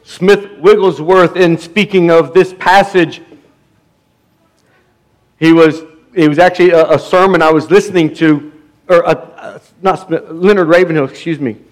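A man's voice: fairly high pitch, steady tone, unhurried. A middle-aged man pastor preaching a sermon with emphasis, stumbling over restarts and asking the congregation for amens.

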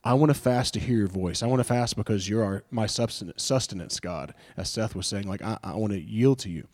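A man's voice: lowish voice, fairly quick, a little mellow. A man preaching a sermon in an earnest, conversational way, often asking rhetorical questions and restarting his phrases. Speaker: pastor.

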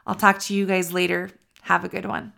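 A woman's voice: fairly low pitch, level tone, a little fast, creaky, a bit bright. A woman hosting her own podcast, talking in an encouraging, candid way and swearing casually. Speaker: podcast host. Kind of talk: motivational podcast talk.

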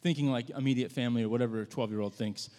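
A man preaching to his congregation in an easy, story-telling way, stumbling and repeating words as he gathers his thoughts. His voice sits at an ordinary middle pitch. It rings out with a long reverb, as in a large church sanctuary. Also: fairly even intonation, dark tone. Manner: conversational, halting with frequent restarts. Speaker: pastor. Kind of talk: sermon storytelling.

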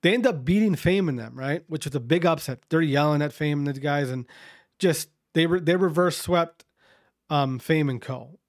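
A man's voice: on the high side, moderate pace, no room sound, studio quality. A man casually telling a long story to his viewers, rambling, repeating himself and swearing often.

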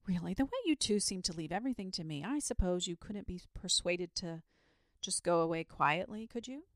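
A woman's voice: lowish voice, expressive, brisk, fairly bright tone, no room sound. A woman voicing an earnest young village boy who talks impatiently and pleads his case in a storybook reading. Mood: exasperated. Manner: impatient, pleading, matter-of-fact.

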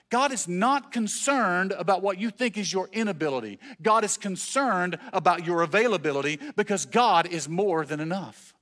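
A man's voice: high voice, a bit bright. A man preaching a sermon as pastor, earnest, with rhetorical questions and repeated phrases. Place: church.

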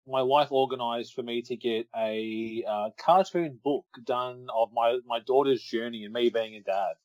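A man's voice: medium pitch, steady tone, measured pace, darkish tone, dry recording, dull audio. A man in his thirties co-hosting a casual podcast chat, joking and laughing often, sentimental when talking about family. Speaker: podcast co-host.

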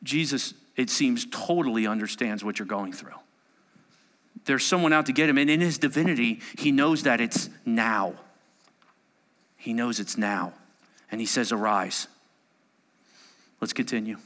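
A man preaching a sermon and reading scripture aloud, swinging between hushed asides and loud exclamations. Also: mid-range voice, measured pace, long pauses. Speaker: pastor. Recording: long hall reverb.

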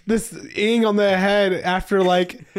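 A man in casual chat, chatty and quick, often restarting his phrases. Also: high voice, little pitch movement, a crowd in the background. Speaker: podcast co-host.

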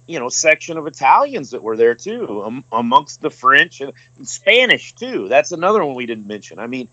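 A man's voice: mid-range voice, big pitch swings, pushed and bright, no echo, muffled recording. A man co-hosting a podcast, telling travel stories casually with swearing and many ums and uhs. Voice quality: profane, halting with fillers. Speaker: podcast co-host. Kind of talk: casual storytelling.

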